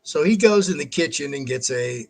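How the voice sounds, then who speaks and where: A man's voice: a little high, expressive, moderate pace, breathy edge. A middle-aged man hosting his own show, telling a story in a casual monologue, laughing often and swearing freely. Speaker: show host.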